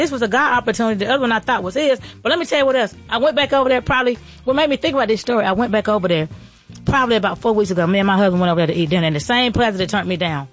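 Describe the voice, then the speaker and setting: Fast-talking woman preaching faith. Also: fairly high pitch. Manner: fast, excited, preachy, repeats phrases. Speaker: podcast host and restaurant owner. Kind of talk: motivational faith talk.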